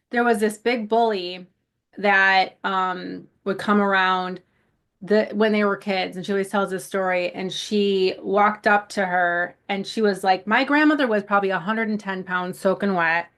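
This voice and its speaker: A woman's voice: medium pitch, steady tone, normal speed, a bit bright. Chatty woman telling stories. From South Buffalo, New York. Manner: rambling storyteller, swears casually, laughs often. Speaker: podcast co-host. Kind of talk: casual chat.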